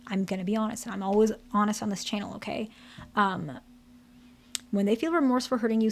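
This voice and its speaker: A woman therapist giving relationship advice to her viewers, speaking frankly and often checking in with "okay?" and "right?". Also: medium pitch. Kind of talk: relationship advice talk to camera.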